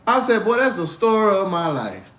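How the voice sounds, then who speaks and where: A man hosting a casual crypto livestream, animated and slangy, mixing faith talk with tips and reading out comments. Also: moderate pace, reverberant. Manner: animated, swinging from low grumbles to loud outbursts.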